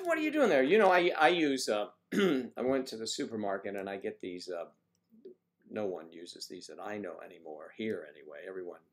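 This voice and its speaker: Playful, lively man hosting a livestream. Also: low voice. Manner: chatty and playful, bantering with viewers. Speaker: livestream host. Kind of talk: casual chat, reading viewer comments.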